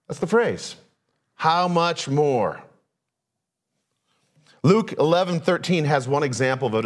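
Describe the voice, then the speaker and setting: A man pastor preaching a sermon, asking rhetorical questions and shifting his pace and pitch often.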